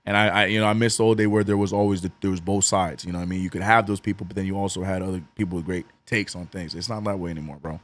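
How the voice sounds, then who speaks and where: A man with a New Orleans accent and a cracking, hoarse voice, calling a game as a fan streamer and chatting with his viewers. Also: racing, few pauses. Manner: swings from excited calls to low, mumbled chat with viewers. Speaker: streamer doing fan play-by-play. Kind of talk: watch-along play-by-play and chat.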